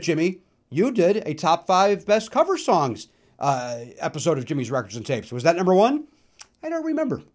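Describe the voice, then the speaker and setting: A middle-aged male comedian hosting his own podcast, telling self-mocking stories about records, with loud bursts and mumbled asides. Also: sits high. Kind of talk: comic solo monologue about records.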